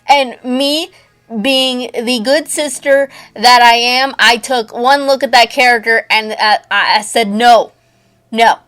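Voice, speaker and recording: A woman's voice: on the high side, fairly even intonation, measured pace, fairly bright tone. Rambling young woman with a put-on Southern twang. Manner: rambling, stumbles and self-corrects often. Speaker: speedpaint artist and channel host. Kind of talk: casual rambling voice-over.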